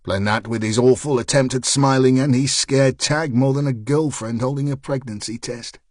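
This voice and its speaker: A man reads a crime thriller audiobook with measured, wry storytelling. His voice is recorded dry and close, with an even middle pitch. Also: no echo. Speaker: audiobook narrator. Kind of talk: scripted narration.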